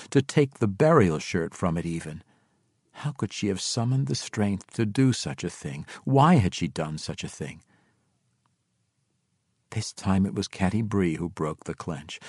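Man, fantasy audiobook narration, low voice, dry close recording. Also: no room sound. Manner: measured, even storytelling.

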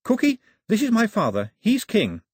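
A man doing a spirited young girl, high voice. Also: wildly swooping pitch, moderate pace, darkish tone, slightly rough, no echo, studio quality, heavily acted. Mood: eager. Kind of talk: audiobook character voice.

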